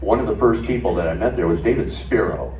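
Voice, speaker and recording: A man's voice: lowish voice, fast talker, a little hiss or hum. An older man, a former radio host, recalling his first days at a station. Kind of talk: reminiscing on stage. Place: stage at a music club. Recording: echoey, dull, from far off.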